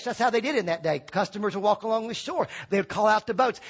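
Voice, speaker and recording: A man preaching a lively sermon, acting out quoted voices and shouting for emphasis. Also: high-pitched, racing, few pauses, slightly rough.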